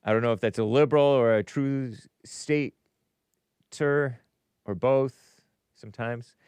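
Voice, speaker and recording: A man's voice: medium pitch, slow pace, darkish tone, clean tone, dry recording. A man hosting a call-in show in casual live-stream chat, musing aloud and stumbling over hard names.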